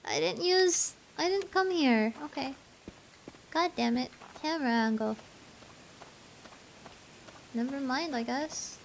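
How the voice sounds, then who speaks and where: A woman's voice: high-pitched, slow pace, long pauses, slight background noise. A woman with a Filipino accent, chatting casually with viewers while streaming a game, rambling and restarting her phrases as she thinks aloud. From Philippines.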